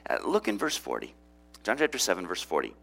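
Lively conversational male preacher. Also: on the low side, a little fast, creaky, faint music behind. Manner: conversational preaching with rhetorical questions. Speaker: pastor. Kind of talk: sermon.

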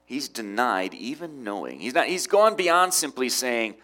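A middle-aged man preaching a sermon, with emphatic rises and quiet drops. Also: mid-range voice, sing-song, moderate pace, hardly any pauses. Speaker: pastor.

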